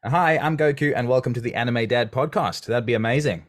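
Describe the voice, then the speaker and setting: In a casual interview chat, this podcast host from New Zealand comes across as effusive and enthusiastic. He speaks briskly in a medium-pitched voice.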